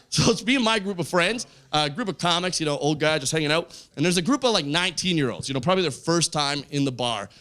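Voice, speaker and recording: A man doing stand-up storytelling on a comedy stage, acting out the voices in his stories loudly. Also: fairly high pitch. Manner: animated, acts out quoted voices loudly. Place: comedy stage with a live audience. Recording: live club show, faint crowd noise.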